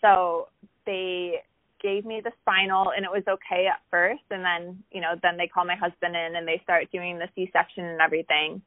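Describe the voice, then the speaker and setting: A woman guest chatting casually about her life, telling a story with lively acted-out quotes and lots of "like" fillers. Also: on the low side, normal speed, no room sound. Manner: animated, acts out quoted voices, many "like" fillers. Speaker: podcast guest. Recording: tinny phone-like line, dry.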